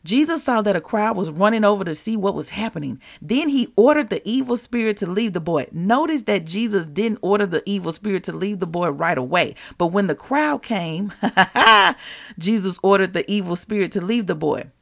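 Gravelly woman preaching to listeners. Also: medium pitch, normal speed. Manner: animated, laughs often, addresses listeners as y'all. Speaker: podcast host and preacher. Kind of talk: devotional teaching with scripture reading.

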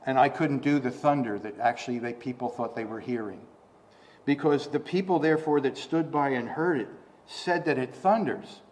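A man preaching a sermon, reading scripture and explaining it, repeating words and restarting, then rising to loud emphatic bursts on the quoted lines. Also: mid-range voice, normal speed.

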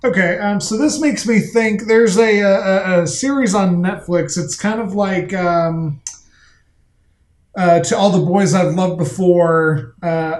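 A man's voice: high voice, a little mellow, echoey room. A man co-hosting a podcast, talking in a chatty, rambling and sometimes profane way. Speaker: podcast co-host. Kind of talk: casual chat.

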